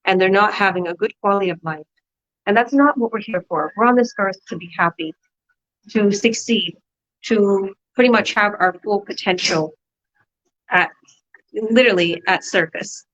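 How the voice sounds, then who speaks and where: A woman's voice: mid-range voice, moderate pace, a bit bright, lo-fi sound. A woman business coach hosting a motivational online talk, upbeat and preachy, often repeating herself.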